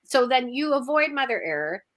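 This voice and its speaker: Animated woman podcast host. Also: high voice, normal speed. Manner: animated, exclaiming, acts out quotes. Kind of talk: casual podcast interview.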